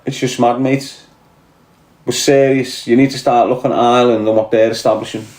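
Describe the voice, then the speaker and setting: A Scouse man holds forth in a heated, profane monologue, hammering his points home bluntly. His voice sits at an ordinary middle pitch, and it rings around a roomy, echoey space. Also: fairly even intonation, a little fast, a little mellow. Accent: Liverpool (Scouse). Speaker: podcast host. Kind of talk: impassioned monologue to camera.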